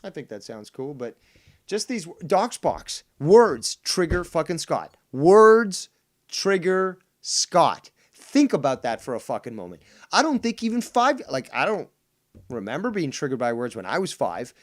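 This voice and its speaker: A man's voice: mid-range voice, huge pitch swings, normal speed. A man hosting a livestream, rambling and swearing as he mocks a rival and reads chat. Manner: rambling, profane, mocking, many fillers. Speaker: livestream host. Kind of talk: casual livestream commentary.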